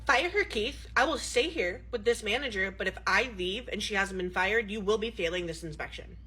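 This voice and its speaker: Woman doing a tough health inspector lady, blunt and clipped, bright husky voice. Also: medium pitch, moderate pace. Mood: stern. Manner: firm, blunt, curt. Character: stern no-nonsense female health inspector. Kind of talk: comedy skit.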